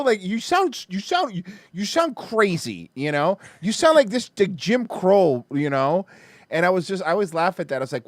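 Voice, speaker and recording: A man hosting a podcast, telling stories in casual chat with animated, profane talk and lots of fillers. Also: high-pitched, moderate pace, no echo. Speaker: podcast host.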